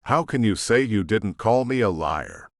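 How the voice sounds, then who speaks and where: A man's voice: lowish voice, lively intonation, unhurried, no echo, studio quality. A man voicing an entitled woman who shrieks and berates a worker in an audiobook. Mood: indignant. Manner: shrieking, haughty. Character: shrill entitled woman throwing a tantrum. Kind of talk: audiobook narration.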